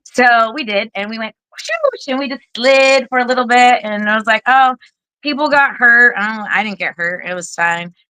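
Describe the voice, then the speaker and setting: A bright, forceful woman's voice, close and dry on the mic. She is a military veteran in her forties giving a candid interview, blunt and animated, with casual swearing. She acts out what other people said as she goes. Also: a little high, normal speed, hardly any pauses, smooth, dry recording, rough recording. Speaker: guest, Air Force veteran.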